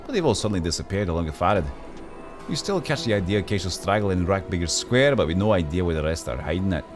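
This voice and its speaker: A man's voice: sits low, fast talker, over music. A man doing a chummy, easygoing street worker. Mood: friendly. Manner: casual, chummy, relaxed.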